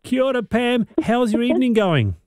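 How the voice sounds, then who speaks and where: A man hosting a radio talk show, lively and quick to laugh, speaking into a studio mic. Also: very high voice, dry recording. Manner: lively, laughing, repeats words. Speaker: radio host.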